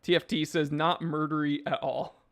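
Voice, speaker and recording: A man's voice: a little high, flat delivery, normal speed. A man hosting a live stream, reading chat messages and answering in a laid-back, rambling way with lots of fillers.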